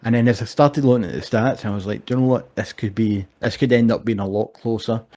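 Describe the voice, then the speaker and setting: A young Scottish man talks through fight stats in a relaxed, sweary way. His voice is warm and mellow, and he slips into lively retellings of what other people said. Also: fairly low pitch, fast. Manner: swears freely, animated storytelling. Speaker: co-host. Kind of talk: casual sports chat.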